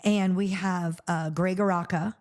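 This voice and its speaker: Warm low-voiced woman telling her story. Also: measured pace. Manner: animated, acts out quoted dialogue. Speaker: charity founder and podcast host. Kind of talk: personal storytelling in conversation.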